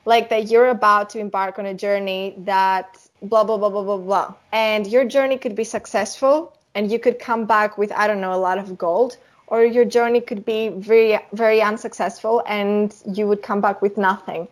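A young woman co-hosting a podcast, talking through ideas in a relaxed, explanatory way with lots of "you know". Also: mid-range voice, normal speed, few pauses. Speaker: podcast co-host. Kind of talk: casual chat.

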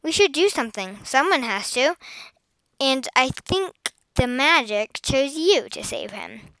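A woman voicing a kindly elderly woman who speaks warmly and thoughtfully. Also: sits high, lively intonation, unhurried, no echo, pitched above the performer's own voice, exaggerated voice, low-quality recording. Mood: sympathetic. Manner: gentle, thoughtful.

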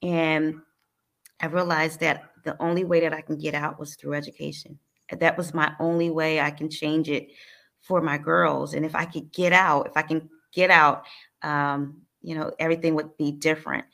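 A woman from New Jersey speaks as an interview guest in a low, fairly level voice. She recounts her personal story in an earnest, halting and emotional manner, with frequent restarts. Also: little pitch movement, vocal fry, a bit bright. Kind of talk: personal life story in conversation.

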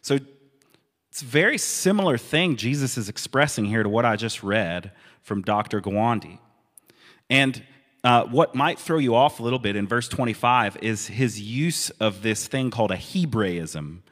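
A male pastor preaching in an easy, conversational manner, dropping amused asides between readings. His voice sits at an ordinary middle pitch and carries a long reverb, as if in a church hall. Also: expressive, moderate pace, fairly bright tone. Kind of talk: sermon.

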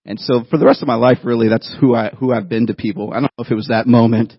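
Husky-voiced male pastor telling a story. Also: medium pitch, fast talker, dry recording, muffled recording. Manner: animated storyteller, laughs at himself. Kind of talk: sermon with personal story.

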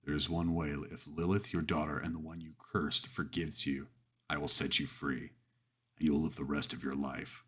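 Male narrator as deep, gravel-husky devil king, measured and imperious. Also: level tone, a bit bright, heavily acted. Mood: cold judgment. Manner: slow, measured, booming pronouncements. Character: Satan, towering goat-headed male devil, cold and commanding.

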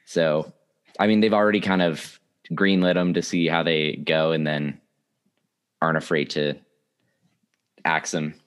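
A man's voice: very deep voice, flat delivery, measured pace, long pauses, smooth. A young man co-hosting a podcast, chatting casually and laughing often. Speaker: podcast co-host. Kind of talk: casual chat.

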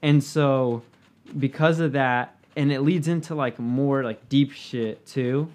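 Co-host, male, mid-pitched, loose rambling delivery full of fillers. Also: fairly even intonation, slow pace, darkish tone. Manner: rambling, profane, many fillers. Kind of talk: casual chat.

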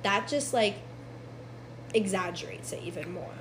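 A woman's voice: mid-range voice, expressive, unhurried, a bit bright, a little hiss or hum, poor audio. A young woman guest on a podcast, earnestly explaining her views in casual chat with fillers.

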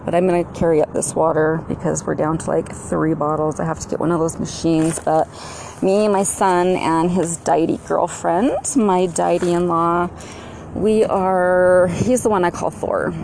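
A middle-aged American woman talks in a low, gravelly voice, wandering from thought to thought with plenty of ums and restarts. A faint hum of vehicle and outdoor noise sits behind her. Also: fairly even intonation, a little slow, darkish tone. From United States. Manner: rambling, meandering, with many fillers and restarts. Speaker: vlogger. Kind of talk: rambling personal monologue.

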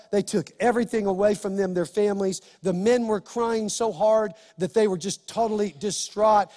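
A male pastor preaching an impassioned sermon, building to shouts. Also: high voice, big-room sound.

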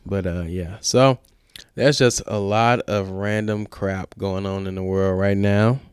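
A man's voice: deep voice, fairly even intonation, unhurried, clean tone, dry recording, studio quality. A man co-hosting a podcast in loose, slangy, joking casual chat. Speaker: podcast co-host.

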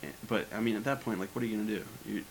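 A man in casual chat, telling a rambling anecdote in a relaxed way. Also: fairly low pitch, rapid-fire, low-quality recording. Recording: faint hiss.

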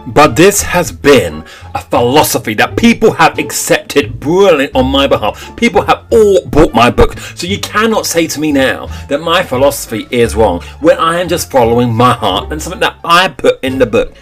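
A man voicing a stubborn, self-righteous woman author who speaks slowly and defiantly. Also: medium pitch, big pitch swings, faint music behind, natural voice.

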